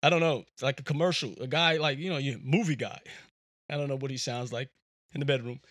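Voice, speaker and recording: A man's voice: medium pitch, fairly even intonation, quick pace, a bit bright, no room sound, studio quality. A man hosting a podcast, talking in a casual, rambling, jokey way with lots of fillers, recorded on a USB microphone. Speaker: podcast host. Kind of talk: casual monologue.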